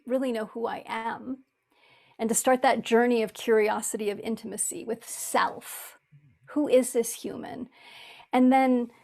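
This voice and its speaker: Earnest woman with a high voice. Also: a little mellow. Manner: earnest, speaks in halting restarts, acts out inner voices. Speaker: spiritual author and teacher. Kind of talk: reflective conversational talk.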